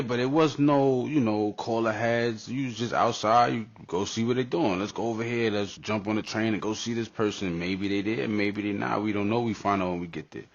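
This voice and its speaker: Laid-back low-voiced man, dull lo-fi sound. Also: brisk, few pauses. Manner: relaxed, reflective, drops into casual street talk. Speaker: podcast co-host. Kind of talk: casual podcast chat.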